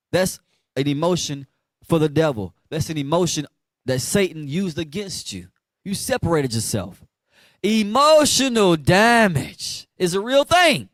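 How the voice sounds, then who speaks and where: A man preaches in a blunt, slangy street style, calling on listeners to finish each verse aloud. His voice sits a little high for a man. The sound is dry and close. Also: dry recording. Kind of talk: street sermon teaching.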